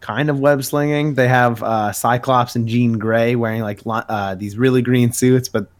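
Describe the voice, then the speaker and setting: A man's voice: mid-range voice, steady tone, normal speed. A man co-hosting a podcast, recapping a comic issue in casual chat with many filler words. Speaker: podcast co-host.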